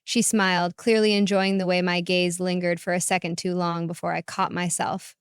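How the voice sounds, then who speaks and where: A woman narrating a first-person story in a calm, reflective way. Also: on the low side, moderate pace, clean tone, no room sound, studio quality.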